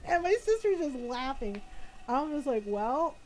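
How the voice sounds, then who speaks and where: A woman's voice: high voice, normal speed, slight background noise, low-quality recording. A woman streamer in casual chat, telling a story with frequent laughter. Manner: animated storytelling, laughs often.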